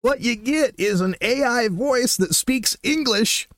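A man hosting a casual solo podcast, telling stories in an animated way and acting out what people said. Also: extremely high pitch, unhurried, no room sound. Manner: animated storyteller who acts out quotes. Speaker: podcast host.

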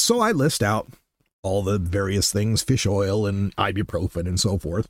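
A man hosting a casual solo podcast, telling stories in an animated way and acting out what people said. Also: fairly low pitch, normal speed, dry recording. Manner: animated storyteller who acts out quotes. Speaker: podcast host.

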